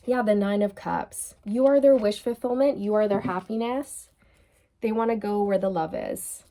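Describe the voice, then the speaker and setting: A woman with a warm, mid-range voice speaks at a normal speed while giving a tarot card reading. Her monologue is loose and chatty, with repeated phrases and laughter at her own slips.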